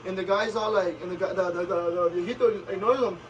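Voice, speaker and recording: Fast-talking high-voiced man telling a story. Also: far from the mic, lo-fi sound. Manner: code-switching between English and Spanish, lively retelling with acted quotes. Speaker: vlogger. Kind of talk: casual storytelling chat.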